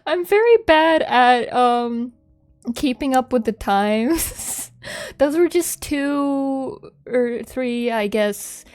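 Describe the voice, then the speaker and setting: A young adult woman streaming as a VTuber has a voice on the high side that sounds a little mellow. She rambles in casual live-stream chat, full of "like" fillers and frequent giggles.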